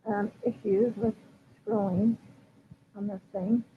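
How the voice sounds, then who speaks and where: A woman's voice: medium pitch, steady tone, takes it slowly. Chatty woman dog trainer on a tinny line. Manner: chatty, frequent ums and likes. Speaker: dog trainer answering viewer questions. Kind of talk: casual live Q&A. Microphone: livestream computer mic. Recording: tinny phone-like line with faint hiss.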